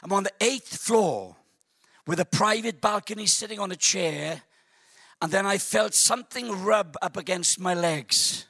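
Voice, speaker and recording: Bright high-voiced male preacher, jokey. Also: unhurried, gravelly, slightly rough, dry recording. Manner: animated, jokey, stammering restarts. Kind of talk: humorous sermon storytelling. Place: church service.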